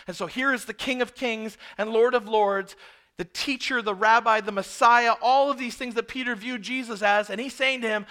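A man preaching a sermon, telling a story with animated emphasis and many rhetorical questions. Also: very high-pitched, normal speed, smooth.

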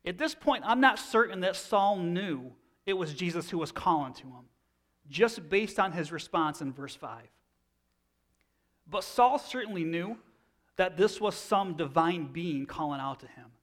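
Man preaching, relaxed and conversational. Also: sits high, a little slow. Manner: conversational teaching with repeated restarts. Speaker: pastor. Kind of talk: sermon.

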